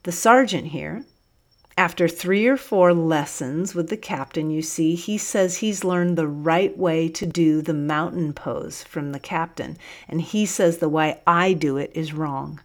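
A woman's voice: low voice, a little slow. Woman doing a blustering chubby prisoner. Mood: insistent. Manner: loud, indignant. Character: blustering chubby male prisoner, hot-tempered.

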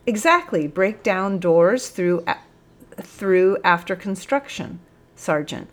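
A woman voicing a quick, eager male police corporal who fires back replies in a storybook reading. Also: medium pitch, expressive.

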